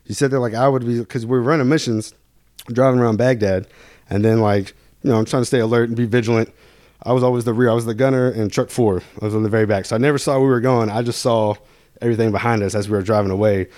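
A man's voice: medium pitch, steady tone, fast talker, darkish tone, dry recording, studio quality. A young man from Louisville, Kentucky, telling rambling, profane stories as a podcast guest. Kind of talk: casual storytelling.

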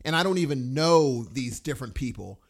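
A man chatting casually about a film he just saw, rambling and enthusiastic. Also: fairly quick. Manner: animated, rambling and enthusiastic, with big pitch jumps. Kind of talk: casual movie chat.

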